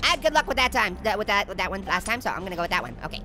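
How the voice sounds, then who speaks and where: Punny cackling orange dude, high and bright, faint game music. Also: male voice, sing-song, rapid-fire, exaggerated voice. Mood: playful. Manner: cackling, pun-making, jokey. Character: wisecracking male talking orange, goofy, punny. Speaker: let's play host. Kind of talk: let's play commentary.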